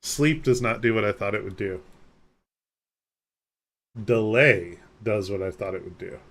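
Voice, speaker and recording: A man's voice: on the low side, a little slow, fairly bright tone. A man streaming a game live, chatting casually with a rambling, self-deprecating manner as he reads and answers chat.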